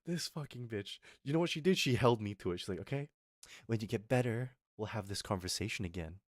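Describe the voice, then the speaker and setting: A young man rants to his stream, his low voice swinging wildly as he acts out other people's lines. The sound is dry and close, with no room around it. He swears freely and stays casual throughout. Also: brisk, dry recording. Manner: animated, swearing, laughing, acting out quotes. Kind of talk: casual storytelling rant.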